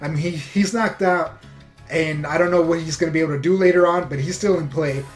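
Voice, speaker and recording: A man's voice: fairly high pitch, steady tone, brisk, faint music behind. Rambling man recapping an episode. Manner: rambling, filler-heavy retelling with frequent restarts. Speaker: anime reviewer.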